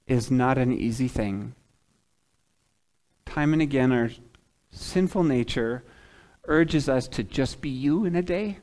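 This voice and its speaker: A man preaching a sermon in a church, animated and emphatic, swinging from loud peaks to soft, low passages. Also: rough recording. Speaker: pastor. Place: church sanctuary, away from the pulpit.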